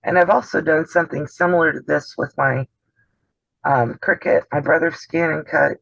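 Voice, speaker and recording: This man, host of a sewing channel, chats and explains his way through a casual sewing demo on a video call, often leaving sentences unfinished. His voice is a little high, creaky and a bit bright, with a steady tone and moderate pace. The call audio sounds dull and dry, without echo.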